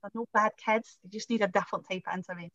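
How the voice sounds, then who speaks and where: A middle-aged Scottish woman chatting as a podcast guest, telling animated stories with acted quotes and swearing. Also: mid-range voice, racing, no echo, highs cut off. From Scotland. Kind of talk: casual chat.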